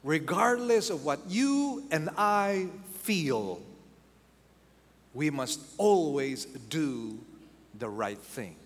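A man's voice: on the high side, animated, extremely slow. A man preaching a sermon as pastor, acting out quoted voices and repeating key phrases for emphasis. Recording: long hall reverb.

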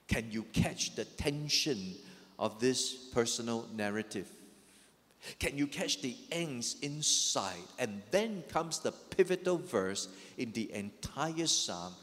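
A man's voice: medium pitch, expressive, slow pace, a bit bright. A man preaching a sermon in a mid-range voice, emphatic and building in intensity as he voices the psalmist's struggle. His words ring out with a long hall reverb, as in a church sanctuary. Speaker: pastor.

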